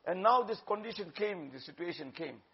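A man's voice: high-pitched, animated, fairly quick. A man preaching a sermon, exhorting his listeners and mixing in Urdu phrases. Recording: dull lo-fi recording.

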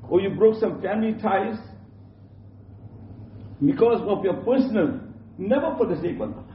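A man's voice: high voice, expressive, moderate pace. A man giving an Islamic sermon in an emphatic, repetitive way, often restarting his sentences, recorded from a distance in a prayer hall. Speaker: Islamic preacher. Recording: roomy, distant, dull lo-fi with faint hum.

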